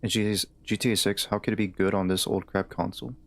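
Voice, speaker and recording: A man's voice: lowish voice, fairly even intonation, quick pace. A man with a Southern US accent chatting casually while streaming a game, rambling and hesitant with frequent restarts. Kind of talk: casual gaming stream chat.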